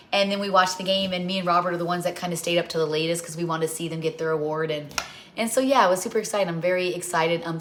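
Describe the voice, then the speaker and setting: A woman's voice: fairly low pitch, slight background noise. A middle-aged woman hosting a home cooking livestream, rambling through stories while she talks viewers through a recipe.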